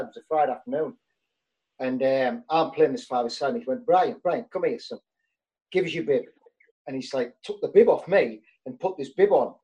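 A man's voice: mid-range voice, warm tone, poor audio. A man, a former footballer telling rambling anecdotes with lots of fillers in casual chat.

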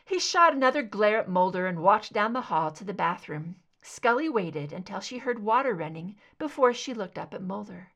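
A woman's voice: medium pitch, lively intonation, moderate pace, hardly any pauses, fairly bright tone. A woman reading fan fiction aloud as an audiobook narrator, telling the story expressively. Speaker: audiobook reader.

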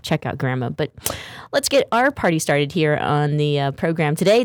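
A woman's voice: low voice, sing-song, moderate pace, no room sound, clean studio sound. A woman hosting a talk show in a chatty, rambling way. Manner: chatty, rambling, laughs often. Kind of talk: casual chat.

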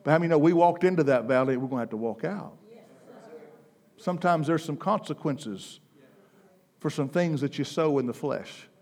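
A man preaching a sermon, impassioned, swinging between loud, soaring declarations and hushed, intense passages. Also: on the high side, normal speed, long pauses. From United States.

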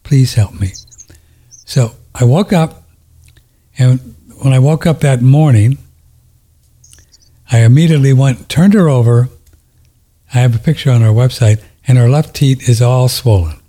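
A man hosting a casual conversation, telling gentle stories and often repeating words. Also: medium pitch, normal speed, long pauses. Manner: warm-hearted, repeats words, soft-spoken stories.

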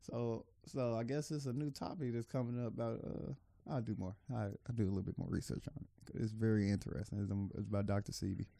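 A man cohosting a casual podcast chat, swearing freely and laughing often, sometimes loud, sometimes mumbling. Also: lowish voice, fairly even intonation, quick pace, creaky, hardly any pauses, dry recording. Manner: loose and profane, laughs often, drifts between loud and mumbled. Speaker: podcast co-host.

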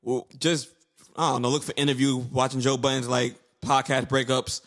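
A man's voice: mid-range voice, level tone, moderate pace, fairly bright tone. A man chatting casually on a podcast, telling stories animatedly and acting out other people's lines. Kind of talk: casual podcast chat, storytelling.

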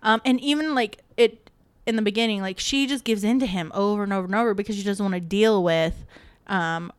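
A woman's voice: medium pitch, a little fast, clean tone, no room sound. A woman co-hosting a casual podcast chat, candid and blunt, poking fun at herself. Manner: candid, blunt, self-mocking. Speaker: podcast co-host.

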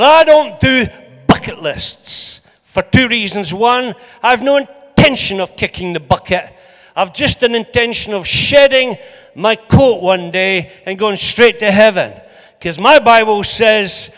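A Scottish man preaches a sermon with a high voice. His talk is chatty and joking, with emphatic turns. The sound rings with the long reverb of a large hall. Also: fairly bright tone. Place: church hall.

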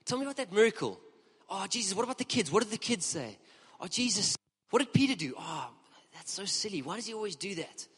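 A man voicing a chatty, adoring young woman who fires off eager questions in a soft, high voice, with long reverb behind. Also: big pitch swings, husky, full character voice. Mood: gushing. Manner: breathless rapid-fire questions, soft and high.

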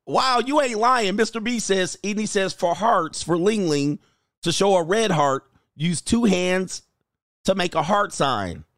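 A man's voice: high-pitched, expressive, a little slow, fairly bright tone, no echo, studio quality. A man hosting a show, chatting casually as he reads viewer comments aloud, exclaiming and laughing often. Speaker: host and coach.

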